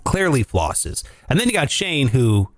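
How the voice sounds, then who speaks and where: Speaking at an unhurried pace in a medium-pitched voice, the man hosts a morning comedy talk show, spinning energetic stories and swearing freely.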